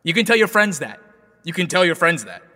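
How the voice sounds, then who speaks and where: A booming, carefree emperor who loves drink, as a player puts him on, loud and swinging through his pitch. He talks bright and brash, and a long room reverb hangs behind him. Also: very animated, a little fast. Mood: jovial. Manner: boisterous, cheerfully callous. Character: boozy hard-of-hearing male emperor, jovial tyrant.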